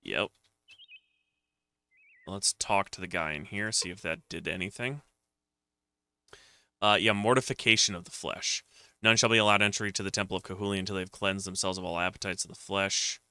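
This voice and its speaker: A man's voice: deep voice, normal speed, pauses often, sharp tone, clean tone, no room sound, clean studio sound. A man streaming a retro computer game, muttering to himself in casual commentary as he plays. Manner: muttering to himself while playing. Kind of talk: casual let's-play commentary.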